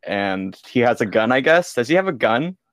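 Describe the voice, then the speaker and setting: A man's voice: medium pitch, big pitch swings, moderate pace, a bit bright, a little hiss or hum. A young man co-hosting a podcast, chatting casually in a goofy, joking way and laughing often. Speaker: podcast co-host. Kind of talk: casual chat.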